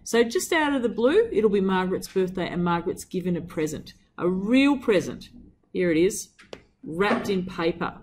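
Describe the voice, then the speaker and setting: A woman's voice: expressive, moderate pace, darkish tone, a little hiss or hum. A woman teacher reading from a novel and analysing it with enthusiasm, putting questions to her students. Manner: enthusiastic, with wide swings of pitch and emphasis. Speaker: English teacher. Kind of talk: reading aloud and literary analysis.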